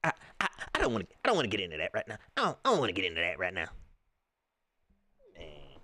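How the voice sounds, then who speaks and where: Animated man ranting on a live stream. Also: sits low, fast talker, dry recording. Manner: animated, ranting, talks straight to viewers. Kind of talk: live reaction stream commentary.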